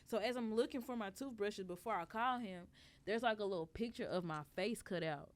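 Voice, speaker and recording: A woman telling a story in casual chat on a podcast, animated and profane, acting out the lines she quotes. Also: mid-range voice, a little fast. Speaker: podcast guest.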